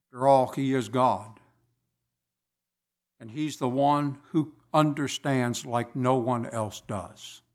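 Slow, deliberate male preacher. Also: mid-range voice. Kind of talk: sermon.

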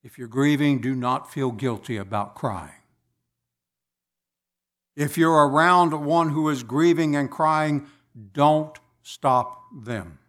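A man preaching a sermon in a slow, deliberate way with measured pauses. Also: on the high side, fairly bright tone.

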